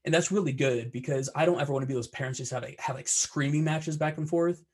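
A man's voice: fairly high pitch, quick pace, breathy edge. A young adult man chatting thoughtfully on a podcast, filling his sentences with "like". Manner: thoughtful, filler-heavy. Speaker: podcast co-host. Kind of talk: casual podcast chat.

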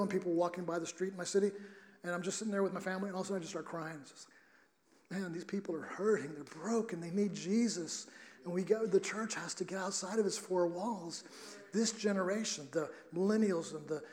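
A man's voice: high voice, a little mellow. A middle-aged man preaching a sermon, telling a personal story earnestly with many restarts.

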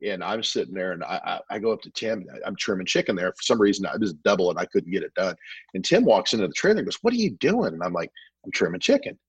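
A man tells stories at a fast clip, often tripping over and restarting his words. His voice sits low and a little husky. It is recorded close and dry. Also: lively intonation, dry recording, poor audio. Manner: rambling, repeats words, quick restarts. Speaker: podcast guest, barbecue pitmaster. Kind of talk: casual storytelling chat.

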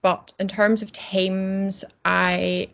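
A woman's voice: mid-range voice, flat delivery, very slow, vocal fry, fairly bright tone. A woman being interviewed, talking cheerfully and chattily about her business and her plans, often laughing. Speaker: interview guest, coach. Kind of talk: casual interview chat. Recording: slightly dull audio.

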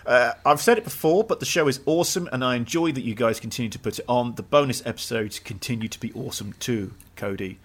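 A man's voice: medium pitch, a bit bright, slightly rough. A man co-hosting a podcast, chatting enthusiastically about films. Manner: enthusiastic, quick to laugh. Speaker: podcast co-host. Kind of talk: casual podcast chat.

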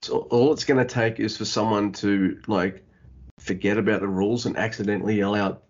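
A man with a fairly low voice talks through wrestling matches in a relaxed, easygoing way, laughing along. The sound is dull and lo-fi, like a home podcast recording. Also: fairly quick. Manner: easygoing, laughs often, reads through lists. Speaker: podcast co-host. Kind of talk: casual wrestling chat.

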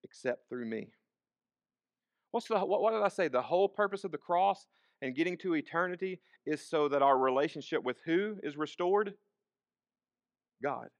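A man's voice: a little high, lively intonation, normal speed, dry recording, studio quality. A man preaching a sermon, asking the congregation questions and repeating key phrases. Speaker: pastor.

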